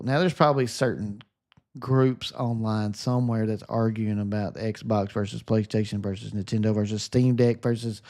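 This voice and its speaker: A man with a Southern US accent chats with his viewers while he plays. His voice is sunny and relaxing, sitting at an ordinary middle pitch, and he talks in an upbeat, friendly way. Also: a little mellow. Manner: upbeat, chatty, answers viewer comments. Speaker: gaming streamer. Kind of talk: casual live chat while gaming.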